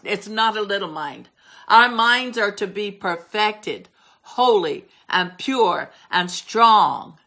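An older woman preaches a sermon in a bright, forceful, medium-pitched voice. She's emphatic, repeating words for stress to drive her points home.

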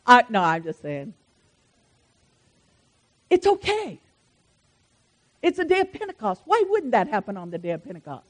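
A woman pastor preaches in a high, ringing voice. She moves fervently between loud declarations and hushed asides, speaking directly to her congregation. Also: wildly swooping pitch, normal speed, long pauses. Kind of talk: sermon.

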